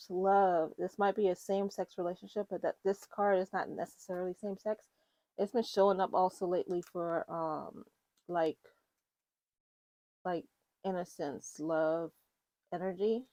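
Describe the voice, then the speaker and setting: Woman doing a chatty tarot reading, lowish voice, dry close sound. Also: level tone, measured pace, long pauses, dark tone, dry recording. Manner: chatty, rambling, with fillers and self-corrections. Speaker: tarot reader. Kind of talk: casual tarot reading to viewers.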